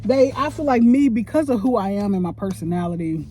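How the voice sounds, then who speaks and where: A woman who works as a cook, venting about her job in a profane, animated rant while she eats on camera, talking close into a phone. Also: fairly quick, slight background noise. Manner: profane, animated, with big swings in pitch. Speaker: line cook. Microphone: phone held close.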